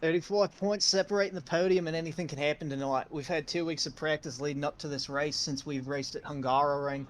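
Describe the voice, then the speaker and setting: A man's voice: a little high, steady tone, quick pace, few pauses. A man giving casual, joking commentary on a sim racing stream. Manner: playful, hamming up jokes. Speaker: race commentator.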